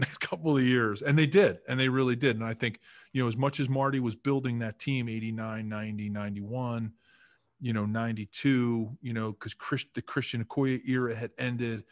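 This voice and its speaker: A talkative man in his fifties from the Philadelphia area, spinning long anecdotes on a podcast and slipping into the voices of the people he quotes. His voice sits at a middle pitch and sounds close and dry, with no room around it. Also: moderate pace, no echo. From Philadelphia area, United States. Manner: chatty, animated storyteller acting out quotes. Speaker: podcast guest, former football lineman. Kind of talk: casual storytelling interview.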